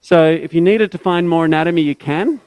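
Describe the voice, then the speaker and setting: Higher-voiced man teaching live surgery. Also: fairly quick, a little mellow, clear, resonant tone, no room sound, poor audio. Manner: explains step by step, with tag questions and restarts. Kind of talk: live surgical teaching commentary.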